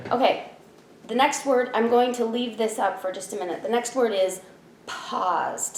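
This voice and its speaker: A woman's voice: mid-range voice, reverberant, a little hiss or hum. A woman teacher in her thirties giving a spelling lesson from home, patiently sounding out each letter.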